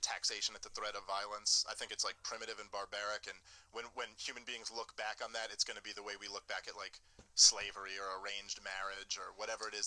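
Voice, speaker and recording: Brief: chatty male podcast guest, bright tone, animated filler-heavy arguing. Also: on the low side, rough recording. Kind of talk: casual political chat.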